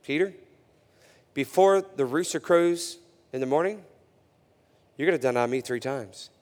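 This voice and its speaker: A man voicing a calm, knowing male teacher who speaks quietly, low and gentle. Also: a little slow, big-room sound.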